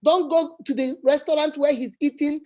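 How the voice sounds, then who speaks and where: A woman hosting an advice chat on her channel speaks at a moderate pace in a high, steady, slightly mellow voice. She's preachy and emphatic, repeating points to drive them home.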